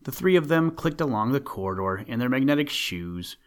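A man reads a storybook aloud at a measured, even pace. His voice is mid-pitched and plain, with no strong coloring. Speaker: narrator. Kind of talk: storybook reading.

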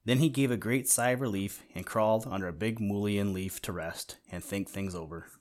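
A man narrates a children's animal storybook in a lowish voice. He reads gently and now and then turns aside to address the listener directly. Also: fairly quick.

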